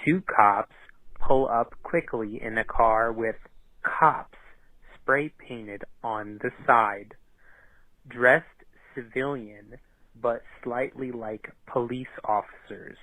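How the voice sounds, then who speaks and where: A man on a voicemail reading a screenplay aloud in a flat monotone. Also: mid-range voice, takes it slowly, dry recording, poor audio. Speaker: caller reading his script aloud.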